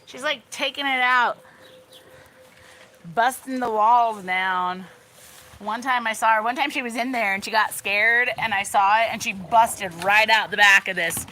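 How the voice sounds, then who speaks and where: A young woman walks through her desert backyard, speaking into a handheld phone in an unhurried, loose way and filling her sentences with "like." Her voice sounds bright and a little edgy, and she breaks off now and then to coo at her animals. Faint outdoor ambience hums in the background. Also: a little high, slight background noise. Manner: rambling, filler-heavy, chatting to her animals. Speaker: vlogger giving a backyard tour. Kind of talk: casual livestream chat.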